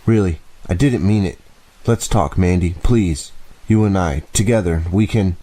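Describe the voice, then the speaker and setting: A man's voice: sits low, unhurried, mellow. A man voicing a frightened teenage boy tied to a chair, pleading and straining his voice upward.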